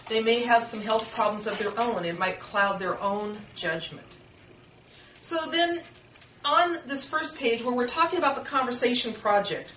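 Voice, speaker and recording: A woman's voice: fairly high pitch, fairly bright tone, a little hiss or hum. Earnest middle-aged woman in an echoey room. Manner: earnest and conversational, with personal anecdotes. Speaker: workshop presenter. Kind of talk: informal classroom talk. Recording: echoey room, mic far off.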